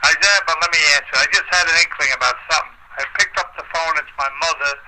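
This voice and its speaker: Older man, retired boxer guest, rambling storyteller, slightly high voice, noisy phone line. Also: fast. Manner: rambling storyteller, frequent uh fillers. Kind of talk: storytelling interview.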